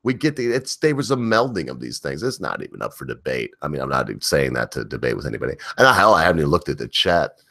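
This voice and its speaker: A man hosting a livestream, giving an opinionated, rambling rant with emphatic, drawn-out stretches. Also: a bass voice, very animated, vocal fry, pushed and bright, no echo, clean studio sound. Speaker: livestream host.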